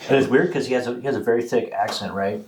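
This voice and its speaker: A man hosting a podcast, talking casually in a rambling, animated way. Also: medium pitch, racing, slight background noise, low-quality recording. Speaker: podcast host. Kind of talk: casual chat.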